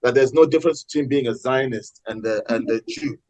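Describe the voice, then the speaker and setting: A man talking passionately in a casual political discussion, with many halting restarts. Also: medium pitch, a little mellow, no room sound, low-quality recording. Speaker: podcast co-host.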